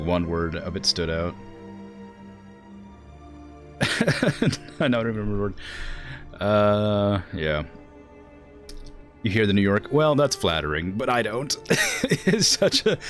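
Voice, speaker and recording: Male streamer, low voice, lively, chatty, laughs a lot. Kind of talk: casual game commentary.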